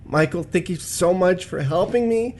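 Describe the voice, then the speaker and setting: A man's voice: sits high, normal speed, a little mellow, slight background noise, close to an everyday voice. A man playing a naive, overexcited radio host who stammers and gushes in a satirical radio sitcom. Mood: giddy. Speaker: show host.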